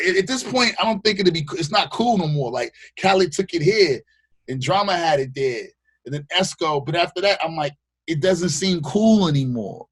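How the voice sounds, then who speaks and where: A man from the Bay Area, a radio host, chatting as a podcast guest in slangy, animated storytelling style, acting out what people said. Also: on the high side, slightly rough. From Bay Area, California. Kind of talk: casual interview chat.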